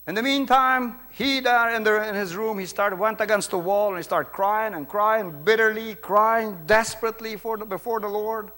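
High-pitched man preaching with a Brazilian accent. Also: steady tone, moderate pace, hardly any pauses. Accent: Brazilian Portuguese. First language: Portuguese. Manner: emphatic, swings between loud preaching and quiet asides. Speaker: pastor. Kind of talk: sermon.

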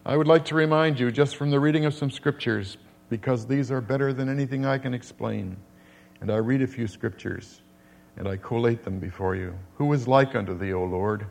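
A man's voice: mid-range voice, fairly quick, creaky, a little mellow. An older man preaching a sermon, earnest and repeating phrases for emphasis, rising to emphatic declamation when quoting scripture.

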